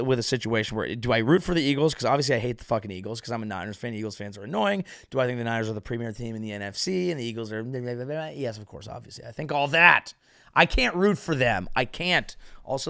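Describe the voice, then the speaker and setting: A man from California delivering a rambling, sarcastic comedic monologue as host, veering from mumbled asides to loud outbursts. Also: mid-range voice, creaky, no room sound, studio quality.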